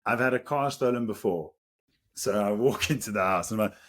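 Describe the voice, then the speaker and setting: A man's voice: on the low side, fairly quick. A South African man in his thirties, a podcast co-host telling a story casually, laughing often as he goes. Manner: animated, laughs through the story.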